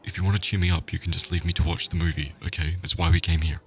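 A man in a whispered role-play, talking in a hushed, flustered, pleading way. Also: low-pitched, flat delivery, fast.

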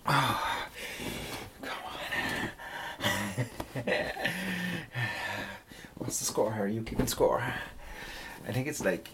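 A man's voice: on the low side, slow pace, pauses often, noisy background. A man in a whispered role-play as a boyfriend, playful and teasing, laughing often.

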